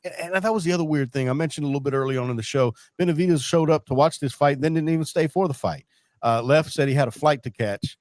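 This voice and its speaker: A man's voice: fairly high pitch, quick pace, dry recording. Dry-sounding man hosting a casual sports chat. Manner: animated storyteller, laughs often. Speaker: podcast host.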